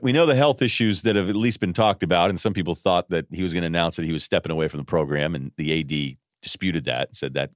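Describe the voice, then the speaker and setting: A man hosting a sports podcast, riffing in an animated, sarcastic solo monologue and mimicking people in quick voices. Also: sits low, dry recording, clean studio sound. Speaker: podcast host.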